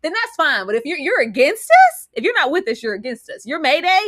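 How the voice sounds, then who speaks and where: A woman's voice: high voice, sing-song, fairly quick, fairly bright tone, no echo, clean studio sound. A woman co-hosting a casual TV recap, talking with slangy sass and acting out characters' lines. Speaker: podcast co-host.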